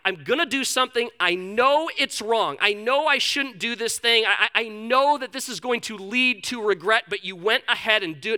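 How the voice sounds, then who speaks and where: A man in his thirties preaches a sermon in a loose, conversational style, full of personal stories and emphatic repetition. His voice sits high and sounds smooth and clear, with a very bright, forceful edge. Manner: conversational, self-deprecating storytelling with emphatic repetition. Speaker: pastor.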